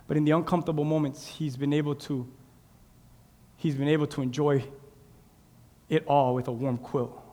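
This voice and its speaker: A man with a high voice preaches to his congregation, and his words ring through a big reverberant sanctuary. He swings from shouted, stretched-out declarations to soft, confiding asides. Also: fairly even intonation, moderate pace, pauses often. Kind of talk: sermon. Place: church sanctuary. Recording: long reverb in a large hall.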